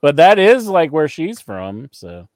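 A man's voice: on the high side, sing-song, measured pace, no room sound. A man co-hosting a wrestling podcast, chatting casually and ranting with a lot of profanity. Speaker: podcast co-host. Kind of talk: casual chat.

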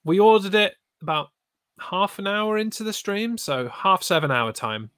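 Man, casual storytelling, animated and sweary, fairly high pitch, dry mic. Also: moderate pace, smooth, no echo. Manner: animated, sweary, mock-outraged. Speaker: streamer co-host.

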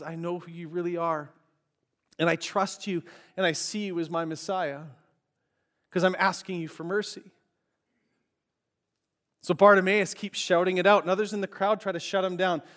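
A man delivers a sermon, retelling a story with lively, animated energy. His voice sits high for a man, and he slips briefly into other people's voices as he tells it. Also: moderate pace. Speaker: pastor.

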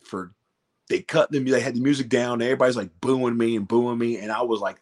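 Give me a man guesting on a wrestling podcast, animated, acting out quotes as he tells a story. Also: medium pitch, quick pace. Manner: animated, acts out quotes, swears freely. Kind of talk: casual storytelling in a podcast interview.

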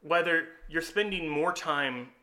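A host explaining personality types talks casually and explains things in a very bright, sharp-edged voice pitched a little high for a man. He speaks a little slowly but tells stories with lively energy, chuckling often.

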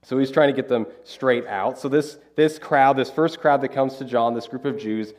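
A man preaching a conversational, animated Bible-teaching sermon as pastor. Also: medium pitch, moderate pace.

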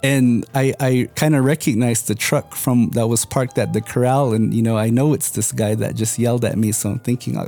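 Mellow-voiced man telling a rambling story. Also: medium pitch, a little fast, soft background music. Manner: rambling, many "you know" and "kind of" fillers. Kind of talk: casual personal storytelling.

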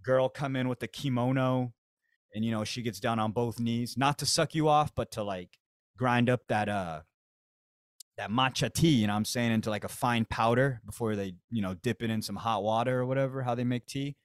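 With a mid-range voice at an ordinary pace, an American podcaster tells a comedic tale in loose, profane slang. The recording is studio quality, clean-toned and free of echo.

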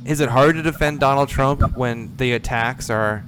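A man's voice: medium pitch, normal speed, a bit bright, slight background noise, poor audio. A man co-hosting a casual political chat, joking and laughing often. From Minnesota. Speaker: podcast co-host.

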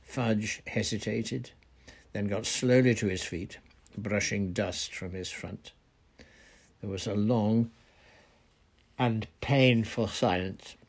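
A man reading a novel aloud in steady, deliberate narration. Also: on the low side, slightly rough. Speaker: reader. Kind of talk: audiobook narration.

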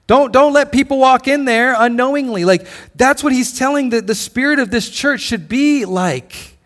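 A man's voice: very high voice, normal speed, a bit bright. A man preaching a sermon as a pastor, casual and conversational, telling stories and acting out bits of dialogue. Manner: casual, storytelling, acts out dialogue. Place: church. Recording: reverberant hall.

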